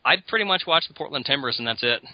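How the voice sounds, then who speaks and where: A man chats as a podcast guest host, answering with dry, deadpan lines. He talks fast, and his pitch moves in a lively way. The audio is dull and lo-fi. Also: dry recording. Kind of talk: casual chat.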